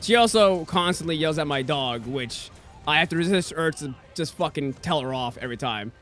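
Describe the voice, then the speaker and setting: A man's voice: fairly high pitch, expressive, fairly quick, fairly bright tone, faint music behind. A young man streaming a game, ranting casually and swearing a lot as he acts out what people said to him. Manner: ranting, profane, mimics people he quotes. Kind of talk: casual rant while streaming.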